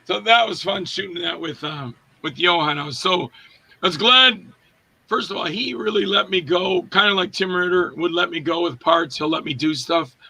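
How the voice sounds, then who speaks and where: A man's voice: high voice, moderate pace, gravelly. A man in his fifties, an actor telling stories in a casual interview and acting out quotes in different voices. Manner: animated, acts out quotes in voices.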